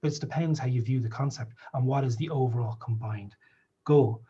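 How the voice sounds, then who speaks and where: Earnest middle-aged Irish politician. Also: male voice, mid-range voice, brisk, mellow, breathy edge, highs cut off. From Ireland. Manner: earnest, many restarts and asides. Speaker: politician presenting a policy paper. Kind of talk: answering audience questions in a panel discussion.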